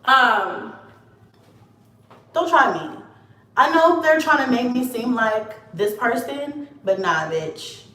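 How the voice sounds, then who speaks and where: A woman's voice: on the high side, animated, takes it slowly, long pauses, bright, forceful tone, far from the mic. A woman vlogger ranting to camera, blunt, profane and confrontational. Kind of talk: casual rant to camera. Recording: echoey room, set back from the mic.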